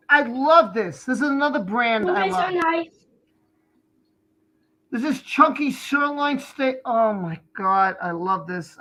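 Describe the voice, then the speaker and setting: A man's voice: very high-pitched, bright, forceful tone, low-quality recording. A man hosting a live stream from his home, chatting loosely while he eats and talks about his food. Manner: rambling, chatty, and talking with food. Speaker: livestream host. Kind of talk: casual chat while eating on a live stream.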